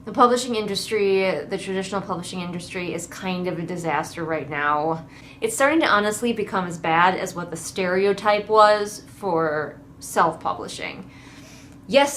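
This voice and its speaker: A woman's voice: mid-range voice, fairly bright tone, slight background noise. A woman giving a casual, sarcastic book critique, swearing freely and mocking the characters. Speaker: book reviewer.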